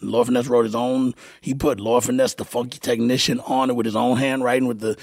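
A middle-aged man, a music producer guest, telling stories in a casual interview, halting and repeating words as he acts out quoted dialogue. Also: medium pitch, level tone, creaky, darkish tone, dry recording, clean studio sound.

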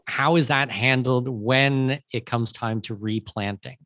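A man's voice: mid-range voice, unhurried, fairly bright tone, dry recording. A male host reads out and paraphrases viewer questions in a friendly, casual way. His voice sounds dry and close, with no room around it. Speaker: podcast host moderating questions. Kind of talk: casual webinar Q&A.

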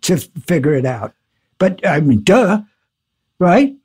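A husky, slightly high-voiced older man tells stories as an interview guest. He is animated and swears freely, breaking into laughs as he goes. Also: normal speed. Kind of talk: casual interview storytelling.

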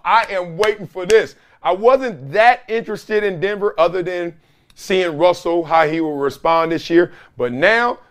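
High-voiced man riffing on sports. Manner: animated, slangy storytelling with laughs. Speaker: sports talk show host. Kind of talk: casual sports commentary.

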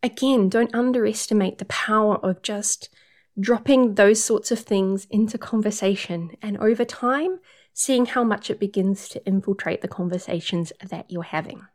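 A woman's voice: mid-range voice, moderate pace, a little mellow. A woman working as a period coach, talking through numbered tips in an upbeat, casual advice monologue.

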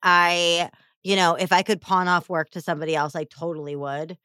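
A woman hosting a podcast, talking frankly and lively with quick asides. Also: fairly low pitch, clean tone, dry recording, studio quality. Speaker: podcast host. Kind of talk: podcast conversation.

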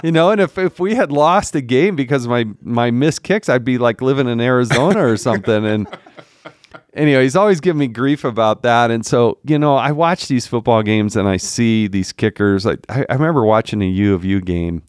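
A man's voice: mid-range voice, brisk, no echo, clean studio sound. A middle-aged man, a former politician, chatting as a podcast guest and telling stories with laughs and acted-out quotes. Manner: animated, laughs often, acts out quotes. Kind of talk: casual storytelling chat.

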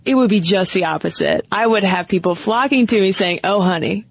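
A woman's voice: mid-range voice, fairly quick, vocal fry, no room sound. Chatty woman co-host, dry close sound. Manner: chatty, thinking aloud with restarts. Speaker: podcast co-host. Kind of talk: casual chat.

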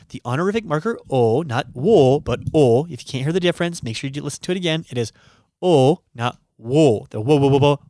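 A man's voice: on the high side, no echo, studio quality. Chatty man teaching a casual lesson. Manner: chatty, laughs at his own jokes. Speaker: language teacher.

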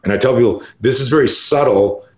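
A man's voice: mid-range voice, brisk. A man in his sixties from Canada, a martial arts instructor telling stories in a podcast interview, swearing freely and talking with emphasis. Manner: profane, emphatic storyteller. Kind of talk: conversational interview storytelling.

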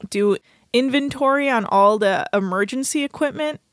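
A woman's voice: high voice, moderate pace, dry recording, studio quality. A woman co-hosting a podcast, chatting casually as she recaps episodes and laughs along. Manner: chatty, laughs often, quotes people in passing. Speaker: podcast co-host.

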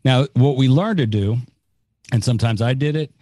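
A man's voice: medium pitch, moderate pace, warm tone, no room sound, clean studio sound. A man hosting a talk, sharing his own experience in a hesitant, candid way full of "you know". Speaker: podcast host giving advice. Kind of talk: reflective conversational advice.

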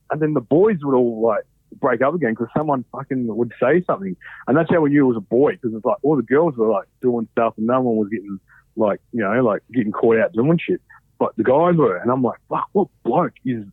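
A man's voice: mid-range voice, brisk, husky, dry recording. A man in his thirties with an Australian accent, telling stories as a guest in a casual chat, swearing a lot and rambling with many fillers. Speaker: podcast guest. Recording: dry, phone-like sound.

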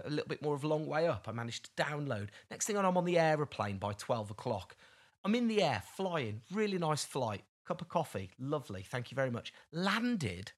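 A young man co-hosting a podcast, chatting casually and telling a lively story about his travel day. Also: mid-range voice. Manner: chatty storyteller, animated when excited. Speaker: podcast co-host. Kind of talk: casual chat.

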